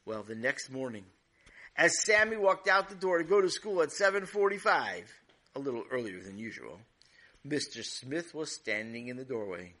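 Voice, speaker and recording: A man narrating a children's story in an animated, dramatic way. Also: mid-range voice, normal speed.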